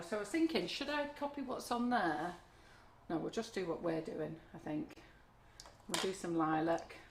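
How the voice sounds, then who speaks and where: A woman's voice: lowish voice, very noisy. A middle-aged woman, chatting as she demonstrates cake decorating in a live kitchen class. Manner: chatty, friendly, talks while working. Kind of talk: live online class demo. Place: home kitchen.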